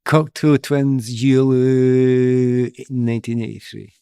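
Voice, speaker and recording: A middle-aged Scottish man tells his stories in a lively, self-deprecating way, often restarting his sentences. His voice sits at a middling pitch. The sound is dry and close. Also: slow pace, smooth, dry recording. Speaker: guest, former footballer. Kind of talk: casual storytelling.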